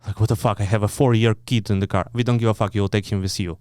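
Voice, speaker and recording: Blunt Ukrainian-accented man, low clear voice. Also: steady tone, quick pace, few pauses, darkish tone, no echo, clean studio sound. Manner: blunt, swears often, acts out quoted dialogue; broken English, frequent restarts. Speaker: guest. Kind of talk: storytelling in an interview.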